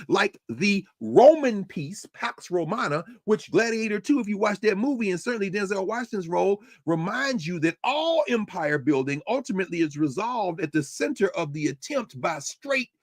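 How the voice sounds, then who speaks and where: A man's voice: sits high, no room sound, clean studio sound. A man hosting a podcast, delivering a rhetorical spoken essay with a preacherly cadence. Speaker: podcast host.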